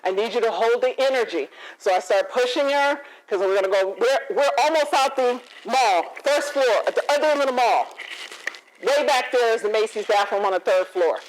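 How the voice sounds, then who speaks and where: Woman confidence coach, keynote storyteller, lively and expressive. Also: a little high, moderate pace, poor audio. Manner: animated, acts out dialogue, laughs often. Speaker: motivational speaker and confidence coach.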